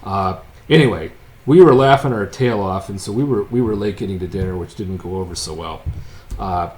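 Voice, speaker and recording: A man teaching a physics lecture in a casual, joking way, telling a story with wry asides before working through a problem. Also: brisk. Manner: wry, joking storyteller, swings between loud and low asides. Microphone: unseen lecturer, voice-over of board work.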